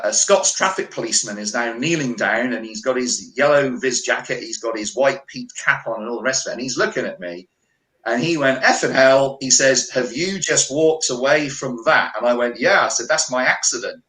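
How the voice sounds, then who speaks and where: Middle-aged uk guy telling his story on the radio, mid pitch, kinda echoey room. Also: animated, brisk, sharp tone. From United Kingdom. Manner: vivid first-person storytelling with quoted dialogue. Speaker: guest, holistic healer.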